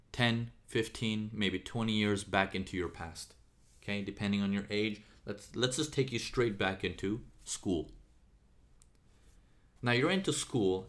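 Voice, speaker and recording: A man giving a motivational talk, energetic, with sudden jumps in volume and frequent "okay?" checks. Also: on the low side, unhurried, long pauses. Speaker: motivational speaker.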